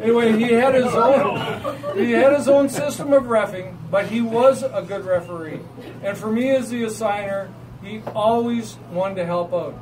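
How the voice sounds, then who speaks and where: Canadian man, high-voiced, animated storyteller at a memorial, picked up from afar over a noisy crowd. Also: moderate pace. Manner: animated storytelling, acts out quoted voices with laughter. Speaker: referee assigner giving a memorial tribute. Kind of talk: anecdotal memorial speech. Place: gathering hall with audience. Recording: distant mic, noisy crowd.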